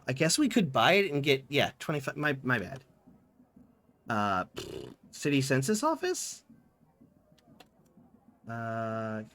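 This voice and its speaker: A man streaming a text game, reading its dialogue aloud and chatting about it. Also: mid-range voice. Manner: lively, reads in-game dialogue with small voice changes.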